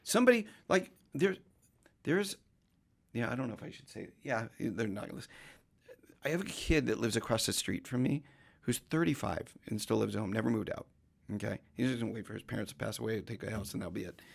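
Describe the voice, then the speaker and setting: A man's voice: lowish voice, expressive, a little fast, vocal fry. A man talking on a casual podcast as a mortgage professional guest, explaining things emphatically in long runs.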